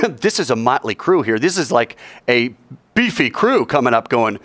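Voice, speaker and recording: A man preaching a sermon in a lively, joking way, acting out quoted voices. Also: medium pitch, moderate pace. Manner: animated, jokey, acts out quoted voices. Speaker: pastor.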